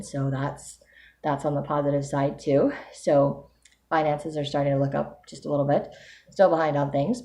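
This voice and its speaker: A woman's voice: low voice, dark tone, slight background noise. A woman giving a weekly video diary update, talking candidly and thinking aloud about herself. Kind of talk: casual spoken video diary.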